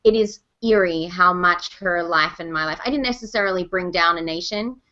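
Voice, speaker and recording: Bright chatty woman on a call. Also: lowish voice, highs cut off. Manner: chatty, animated storyteller, quick laughs. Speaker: voice actor and host. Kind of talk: casual interview chat.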